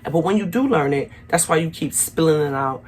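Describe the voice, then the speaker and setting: A woman's voice: deep voice, expressive, fairly quick, darkish tone, slight background noise. A young adult woman telling a personal story to her viewers in a casual, chatty way, often calling them y'all. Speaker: vlogger.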